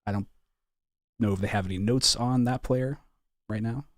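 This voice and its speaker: A man hosting a live online draft stream, with relaxed, upbeat announcer patter. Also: medium pitch, moderate pace, no echo, clean studio sound. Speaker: draft host.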